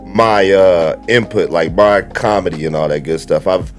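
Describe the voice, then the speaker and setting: A man casually telling funny stories in a relaxed chat, acting out the quoted lines. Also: deep voice, normal speed, soft background music. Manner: animated storyteller, acts out quoted lines. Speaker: guest comedian.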